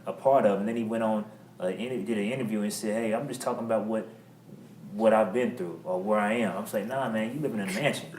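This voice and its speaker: A man's voice: on the low side, fairly even intonation, quick pace, darkish tone, reverberant. A man on a discussion panel who works with young people in a juvenile detention center, speaking emphatically and often asking "you know what I'm saying".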